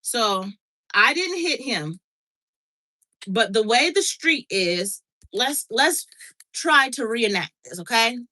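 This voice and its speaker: A middle-aged woman tells a story in a casual chat, her voice bright and a little high. She is animated, acts out the dialogue and keeps checking in with her listener. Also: takes it slowly, poor audio. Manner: animated, reenacts dialogue, frequent "okay?" check-ins. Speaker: podcast host.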